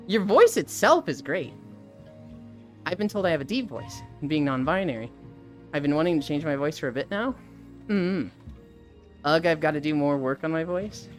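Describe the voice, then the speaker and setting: Animated swearing streamer with lively pitch. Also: female voice. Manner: animated, swears freely, reads chat aloud. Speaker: streamer host. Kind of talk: casual live-stream chat.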